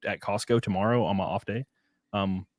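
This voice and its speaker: A man's voice: fairly low pitch, steady tone, normal speed, no echo, studio quality. A man with a Southern American accent hosting a casual livestream chat, laid-back and rambling, laughing often. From Southern United States. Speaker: podcast host.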